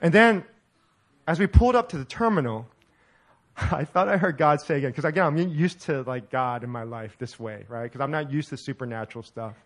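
A middle-aged male pastor telling a story in a sermon, animated and laughing as he acts out the dialogue. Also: a little high, brisk.

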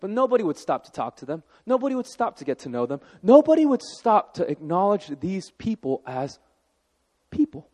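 Male pastor, high voice, lively conversational sermon, reverberant hall. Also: normal speed. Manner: animated, conversational preaching with asides to the congregation.

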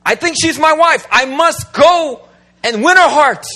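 A man's voice: very high-pitched, expressive, measured pace, bright, forceful tone, voice pushed up, full character voice. A man voicing a cocky young man who is out to win a girl as a conquest, in a grand declaring way. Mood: triumphant.

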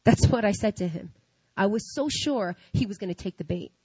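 A woman's voice: medium pitch, animated, moderate pace, a little mellow, breathy edge, no echo. An earnest woman tells her faith testimony in a confessional, heartfelt way, often checking in with "you know what I mean." Her voice sits in a middle register. The recording is dull and lo-fi with a dry, close sound. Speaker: speaker sharing a personal testimony. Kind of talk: emotional faith testimony to an audience.

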